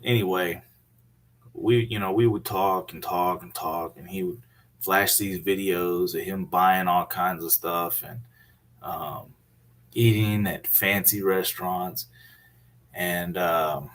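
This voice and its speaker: A man with a very deep, low voice talks through his story in a loose, casual way. He stops and restarts often and leans on plenty of fillers as he goes. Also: fairly even intonation, a bit bright. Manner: halting, many fillers and restarts. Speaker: scam victim telling his story.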